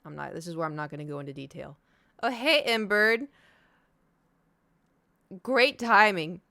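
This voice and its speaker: A woman's voice: lowish voice, lively intonation, a little slow, vocal fry, bright, forceful tone, no echo. A young adult woman streamer telling a rambling, self-interrupting story to her chat in a casual way. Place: home.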